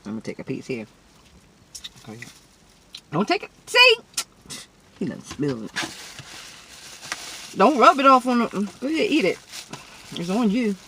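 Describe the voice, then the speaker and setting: Lively woman hosting an eating show. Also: fairly high pitch, moderate pace, creaky, long pauses, slight background noise. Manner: talks between loud bites, humming and smacking. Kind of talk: casual mukbang chat to camera.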